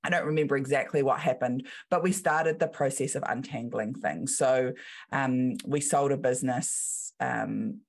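In a creaky bass voice at normal speed, a woman in her thirties from New Zealand tells animated stories on a podcast interview. She's a business coach, and she acts out the voices of the people she quotes.

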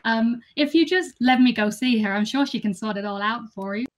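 A woman's voice: on the high side, fairly quick, lightly acted. A woman voicing a chatty, flustered woman posing as a new worker in a tabletop role-play game. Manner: chatty, gushing, over-polite.

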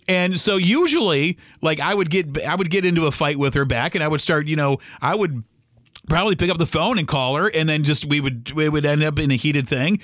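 A man's voice: a little high, expressive, a little fast, fairly bright tone, no room sound, clean studio sound. A middle-aged man hosting a solo podcast, talking in a rambling, heated way with many restarts and acted-out quotes. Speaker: podcast host.

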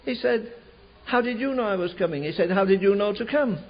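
A man preaching a sermon, telling a revival story in an animated way, slowing and rising for emphasis. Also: high voice, a faint crowd, a little hiss or hum. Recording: dull lo-fi recording.

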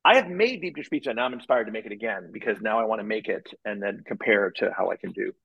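A man co-hosting a casual chat, relaxed, answering with short reactions and his own stories. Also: on the low side, fast talker, gravelly, breathy edge, dull audio. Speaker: podcast co-host.

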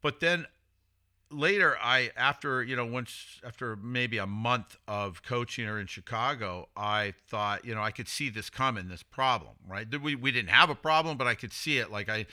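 A man's voice: mid-range voice, normal speed, bright, forceful tone. A man hosting a casual podcast conversation, talking as a coach in a rambling way with many restarts.

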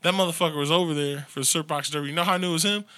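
A man hosting a podcast, trading crude comedic banter with friends and breaking into loud laughs and mock impressions. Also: on the high side, steady tone, rapid-fire. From Northeast Ohio.

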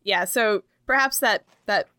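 Young woman co-host, mid-pitched, chatty and filler-heavy, dry recording. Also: a little slow, pushed and bright, no echo. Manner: rambling, heavy use of "like", frequent laughs. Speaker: podcast co-host. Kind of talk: casual chat.

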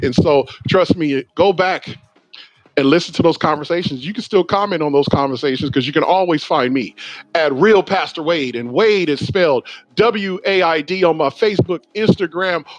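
Animated preaching man, dry close mic. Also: on the high side, dry recording, poor audio. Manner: preachy and animated, asides to listeners. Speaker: pastor and podcast host. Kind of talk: sermon-like podcast talk.

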